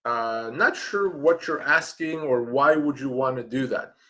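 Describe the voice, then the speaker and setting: Taking viewer questions live, this middle-aged employment lawyer from Canada talks a little slowly in an ordinary mid-pitched male voice with a fairly bright tone. He's direct and emphatic, returning to restate the points that matter in his advice Q&A.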